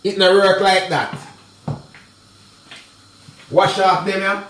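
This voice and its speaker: Jamaican man, home cooking vlog; high voice, chatty patois, roomy kitchen sound. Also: flat delivery, takes it slowly, a bit bright, a little hiss or hum. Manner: chatty patois mixed with English, addresses viewers directly. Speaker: cooking vlogger. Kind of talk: casual cooking tutorial.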